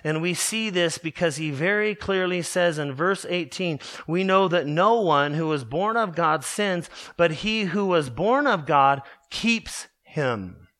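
A man's voice: a little high, animated, a little slow, hardly any pauses, fairly bright tone. A man preaching an earnest, emphatic expository sermon, explaining the grammar of a verse to his congregation. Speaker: pastor.

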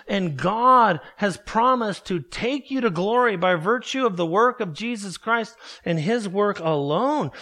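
A man preaching a sermon in an emphatic, measured way, leaning on key words. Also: sits high, pushed and bright. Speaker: pastor.

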